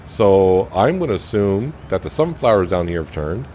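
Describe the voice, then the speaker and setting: Low-voiced man rambling over gameplay. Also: sing-song, moderate pace, dark tone, slight background noise. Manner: rambling, thinks aloud with many fillers. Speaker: gaming channel host. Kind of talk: casual let's-play commentary.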